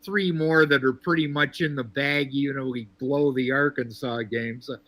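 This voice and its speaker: A man from Texas calling into a sports show, talking in a measured, wry way with lots of fillers. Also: mid-range voice, steady tone, fairly bright tone, no echo. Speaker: caller. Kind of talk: casual sports call-in chat.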